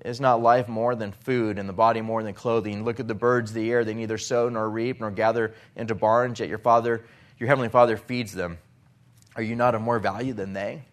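A man's voice: fairly low pitch, fairly even intonation, brisk. A man preaching a sermon, earnest and building to emphatic peaks when he quotes scripture.

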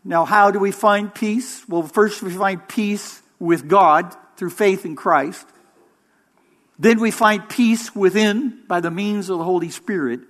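A male interim pastor delivering a sermon with a high-pitched voice. He takes his time, speaking slowly and pausing often. His delivery is measured and emphatic, leaning hard on key words. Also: fairly bright tone. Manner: emphatic, measured preaching with pauses.

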